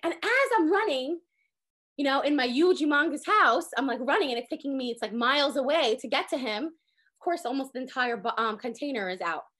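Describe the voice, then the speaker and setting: A woman in her thirties teaching a lively Torah class, acting out quotes with sudden jumps in pitch. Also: a little fast. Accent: sprinkles Hebrew words. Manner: animated, acts out quotes with big pitch jumps.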